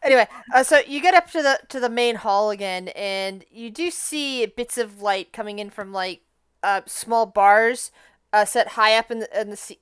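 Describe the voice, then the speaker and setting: A woman's voice: on the high side, normal speed, a bit bright, smooth, no room sound. A woman running a tabletop game as game master, narrating in a rambling, filler-heavy way.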